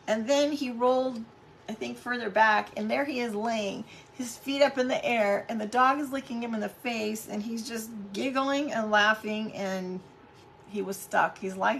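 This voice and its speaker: A woman's voice: on the high side, steady tone, moderate pace, gravelly, a bit bright, slight background noise. A middle-aged woman hosting a casual live craft stream at home, chatting with viewers and greeting them by name.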